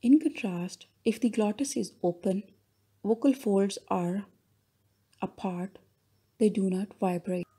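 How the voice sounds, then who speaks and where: A woman's voice: medium pitch, takes it slowly, long pauses, warm tone, breathy edge. A woman giving a linguistics lecture as voice-over narration, reading steadily through definitions and examples.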